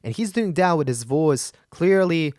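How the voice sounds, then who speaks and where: A man's voice: on the high side, animated, a little slow, darkish tone, no echo, studio quality. A man, a vocal coach, giving enthusiastic, analytical commentary while reacting to a song. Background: faint rock song playing.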